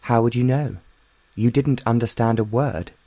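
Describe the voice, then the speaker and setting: A male audiobook reader voicing a spirited, quick-tempered young woman who answers with sharp, scornful retorts. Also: mid-range voice, no room sound, pitched above the performer's own voice, natural voice.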